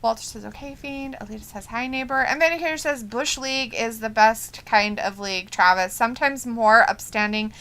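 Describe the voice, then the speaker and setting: A woman's voice: a little high, bright, forceful tone, clear, resonant tone. A woman co-hosting a live watch-along show, chatting casually, laughing often and reading out viewer comments. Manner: giggly, reads chat messages in quick bursts.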